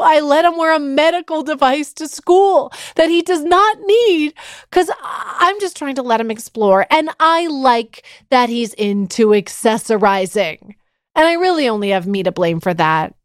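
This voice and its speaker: A woman's voice: high-pitched, animated, normal speed, dry recording, studio quality. A woman in her thirties hosting a podcast, telling stories in a chatty, self-deprecating way. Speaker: podcast host. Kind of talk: casual chat.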